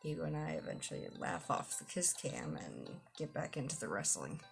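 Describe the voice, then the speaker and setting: A woman's voice: low-pitched, big pitch swings, moderate pace, creaky, soft background music. A woman streamer reading a visual novel aloud, laughing in between and adding dry asides. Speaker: gaming streamer.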